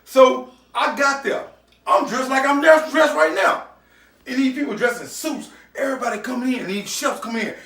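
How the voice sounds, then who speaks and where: A man hosting a home cooking show, telling stories loudly and boastfully. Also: very high voice, normal speed. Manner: boisterous, loud, boastful storyteller. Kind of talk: storytelling and cooking demo.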